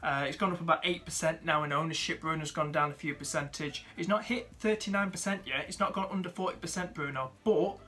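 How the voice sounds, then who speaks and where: Rating viewers' fantasy football teams, this young man chats casually and upbeat, packing in fillers, friendly asides, and calls of "mate" and "dude." His voice sits on the high side, bright and forceful, and he speaks fast with few pauses.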